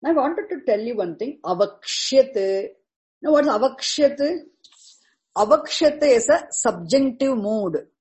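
A woman's voice: a little high, animated, a little mellow, low-quality recording. A woman teaching a scripture commentary, explaining each term carefully and repeating words for emphasis. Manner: deliberate, repeats terms and explains each word.

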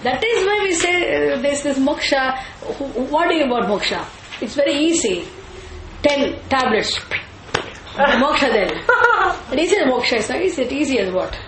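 A woman's voice: high voice, lively intonation, roomy sound, background noise. A woman teaching a scripture class. She chants Sanskrit terms and asks and answers her own questions. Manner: slow and deliberate, repeats and chants Sanskrit terms.

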